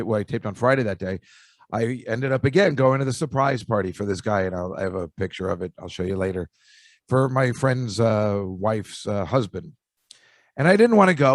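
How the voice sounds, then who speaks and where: A man's voice: mid-range voice, no room sound, studio quality. Rambling self-mocking older New man. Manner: self-deprecating, rambling with restarts. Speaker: podcast host. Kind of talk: rambling comic storytelling.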